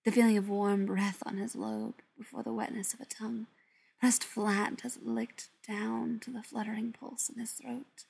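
A woman reading a story aloud in a soft, often half-whispered voice. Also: a little high, little pitch movement, normal speed, creaky, breathy edge. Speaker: narrator. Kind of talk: audiobook narration.

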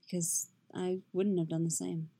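A woman voicing a guarded, proud sorceress, speaking in a quiet, measured way. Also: on the low side, little pitch movement, gravelly, husky.

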